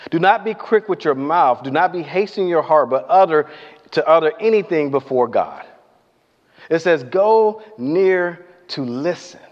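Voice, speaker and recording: Speaking at a moderate pace, a man delivers a sermon in a spacious hall, his words trailing off in long reverb. He brings scripture to life through animated storytelling, acting out character voices and asking the congregation questions. The audio is muffled and lo-fi, and his voice sits a bit above the usual male pitch.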